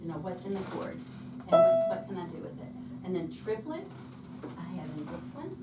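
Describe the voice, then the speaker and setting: Woman piano teacher, lowish voice, casual and chatty, heard from afar in an echoey room with loud piano. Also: big pitch swings, normal speed, far from the mic. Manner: chatty, self-deprecating, thinks aloud while playing. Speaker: piano arranger and workshop teacher. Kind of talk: informal teaching talk at the piano. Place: hall or classroom with piano. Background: piano playing.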